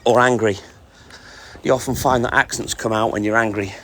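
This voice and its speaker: A milkman livestreams from his delivery vehicle on his round, chatting casually and greeting viewers by name. His mid-range voice is steady and a bit bright at a normal speed, with music and slight background noise behind him.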